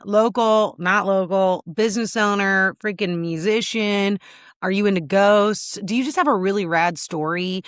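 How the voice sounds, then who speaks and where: A woman's voice: medium pitch, a bit bright, no room sound, studio quality. A woman hosting her podcast, talking candidly and casually with lots of fillers, a little teary. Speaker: podcast host. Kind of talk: casual solo video check-in.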